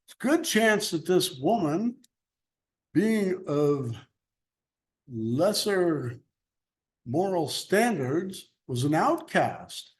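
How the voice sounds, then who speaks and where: Bible class teacher, man, slightly high voice, slow and chatty. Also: sing-song. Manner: chatty, laughs easily, loose restarts. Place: church classroom.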